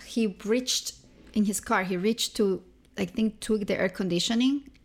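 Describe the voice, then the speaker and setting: A young woman from Venezuela, a guest telling her story in a casual interview, lively and acting out the people she quotes. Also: mid-range voice, a little slow. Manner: animated, acts out quoted people.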